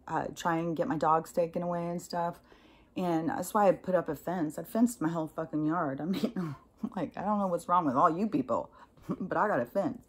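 Middle-aged woman host, slightly low voice, blunt and salty, rambling casual storyteller. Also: a little mellow. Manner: blunt and profane, with frequent laughs and fillers.

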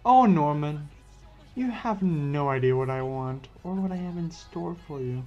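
A man's voice: fairly high pitch, expressive, a little slow, mellow. A man voicing a scheming male villain scientist with mocking, politely menacing speech. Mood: smug. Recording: dull lo-fi with faint music.

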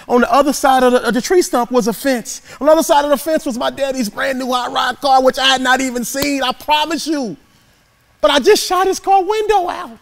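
A man giving a motivational speech through storytelling, animated and dramatic, swinging from loud peaks to hushed asides. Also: extremely high pitch, vocal fry. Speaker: motivational keynote speaker.

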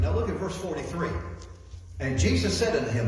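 A man's voice: mid-range voice, sing-song, a little fast, a little mellow. Guest preacher, male, folksy delivery with restarts, distant mic in a roomy sanctuary with faint noise. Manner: folksy, repeats words while building a point. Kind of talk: sermon. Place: church hall.

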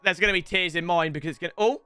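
A young man, chatting casually as he rates viewers' football game teams, swearing and breaking into loud yells. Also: high voice, rapid-fire, clean tone, no room sound, faint music behind. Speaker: FIFA YouTuber rating viewer teams. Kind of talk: casual gaming commentary.

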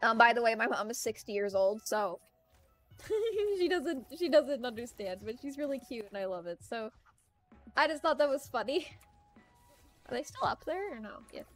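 Young female streamer, slightly high-pitched, chatty and rambling with frequent laughs, soft music underneath. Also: animated, normal speed, pauses often. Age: young adult. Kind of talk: casual gaming stream chat.

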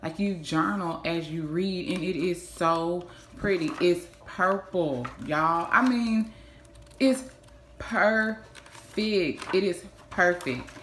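Low-voiced woman gushing over gifts. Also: slow, a bit bright. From Texas. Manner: gushing, repeats phrases, says "y'all". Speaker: vlogger. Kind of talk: casual haul vlog. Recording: echoey room with faint hiss.

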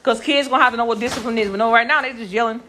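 A young woman live streaming from a busy family home on her phone, chatting casually and scolding her children loudly and bluntly. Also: a little high, rapid-fire, a little hiss or hum. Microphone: phone camera.

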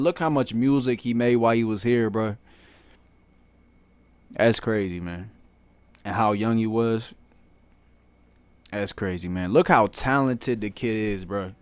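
Young dude reacting to a rap clip, hyped and slangy, dry close sound. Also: male voice, on the low side, clear, resonant tone, no echo. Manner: excited, slangy, keeps saying "bro". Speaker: reaction streamer. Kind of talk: casual reaction commentary.

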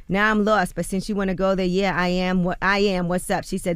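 Woman radio co-host, gossip-news reader, smooth crisp voice, dry close studio sound. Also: lowish voice, flat delivery, brisk, few pauses, no echo. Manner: chatty, reads quotes aloud with loose fillers. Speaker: radio co-host reading the rumor report. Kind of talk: radio morning show news read. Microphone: studio microphone.

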